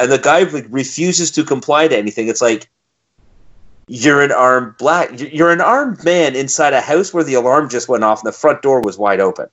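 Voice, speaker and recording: A man's voice: medium pitch, expressive, fairly quick, fairly bright tone, highs cut off. Profane man telling a story on a podcast. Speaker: podcast co-host. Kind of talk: casual podcast chat.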